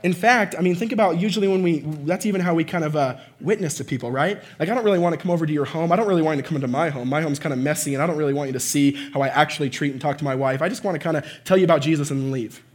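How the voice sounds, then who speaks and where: A man preaching a conversational sermon, often checking in with "right?" and "okay?" and swinging from quiet asides to shouting. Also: fairly high pitch, very fast, few pauses.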